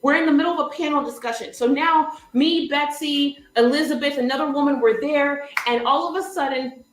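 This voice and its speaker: A woman's voice: sits high, brisk, roomy sound, poor audio. A woman coach hosting a livestream, telling a story vividly and laughing often. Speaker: business coach, show host.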